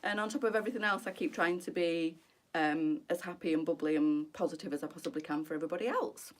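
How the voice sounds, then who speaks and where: A middle-aged woman with a fairly low voice talks openly to her viewers on a live stream. She is candid and emotional, answering comments one by one in a chatty, heartfelt way. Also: fast. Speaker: boutique presenter on a live stream.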